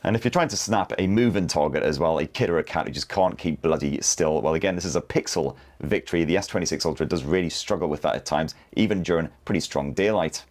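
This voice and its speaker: A British man narrating a scripted phone camera review in a brisk, slangy style. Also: low voice. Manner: brisk, slangy, reads specs crisply. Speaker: tech video presenter.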